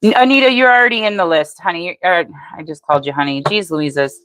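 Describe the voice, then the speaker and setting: An older woman gives a live-stream tarot reading in a low, fairly flat voice. She talks to her viewers by name in a plain, matter-of-fact way. The sound is dry and close, with no room echo. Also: fast talker. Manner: even, matter-of-fact delivery. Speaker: tarot reader.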